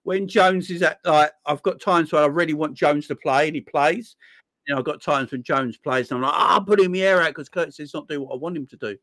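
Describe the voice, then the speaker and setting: A man's voice: a little high, brisk, fairly bright tone, no echo. A man hosting a casual live chat, reading viewer comments aloud, laughing often and calling people "my friend.". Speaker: livestream host.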